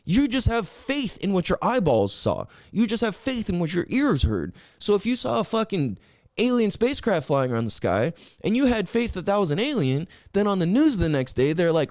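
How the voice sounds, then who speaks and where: Animated, profane male podcast host. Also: dry recording, studio quality. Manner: profane, animated and preachy, swings between loud highs and low drawn-out words. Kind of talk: casual monologue.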